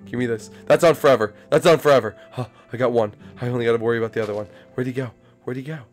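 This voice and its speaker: A young man commentates gameplay at a racing pace, repeating phrases over and over and swinging from hushed muttering to panicked shrieks. His voice is mid-range, with soft music playing in the background.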